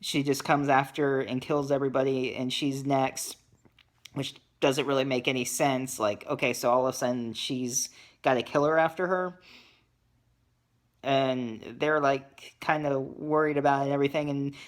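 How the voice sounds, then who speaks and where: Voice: medium pitch, flat delivery, normal speed. A reviewer casually recapping a horror movie, dismissive and sarcastic, with many ums and uhs.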